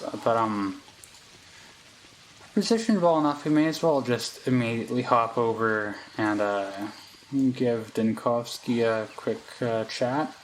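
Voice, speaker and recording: A man's voice: medium pitch, slight background noise, poor audio. A young man casually commenting while playing a game, chatty and hesitant with many asides, on a close desk mic at home. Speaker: let's play host.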